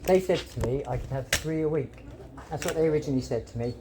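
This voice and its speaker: A man's voice: a little high, fast talker. A man arguing heatedly as a patient, pleading and swearing in a real-life conversation. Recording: noisy handheld audio log.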